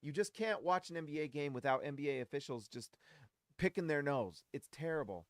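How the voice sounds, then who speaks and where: High-voiced ranting man hosting a fan show. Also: fairly quick, no room sound, studio quality. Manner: animated, ranting and exasperated; talks straight to the audience, shouts at players. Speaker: host of a basketball fan show. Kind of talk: casual post-game commentary.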